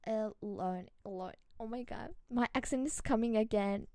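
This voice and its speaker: A woman's voice: a little high, unhurried, dark tone, dry recording. A woman from Türkiye with a Turkish accent, a podcast host chatting casually on her own, giggly and chatty, often restarting words. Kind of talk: casual solo chat.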